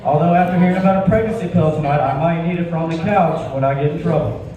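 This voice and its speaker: A stand-up comedian from Georgia delivers a self-deprecating set on a club stage, telling stories conversationally in a slightly high, fast voice with the highs cut off. The recording is echoey and distant, with the crowd audible in the background.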